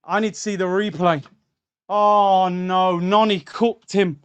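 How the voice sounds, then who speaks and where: A man's voice: high-pitched, fairly even intonation, takes it slowly, clean tone. A young man, hosting a live football watchalong and reacting heatedly, talking to viewers as lads and bro. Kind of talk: live match watchalong commentary. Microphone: streaming mic.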